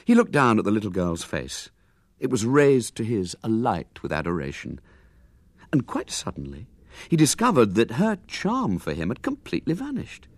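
A man reading a children's story aloud with lively, animated narration. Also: lowish voice, normal speed, no echo.

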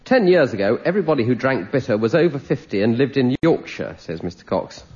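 A man on a comedy panel making wry, deadpan jokes and reading a cutting. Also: medium pitch, a little fast, muffled recording. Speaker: quiz panelist. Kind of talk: comic panel banter. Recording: broadcast with studio audience.

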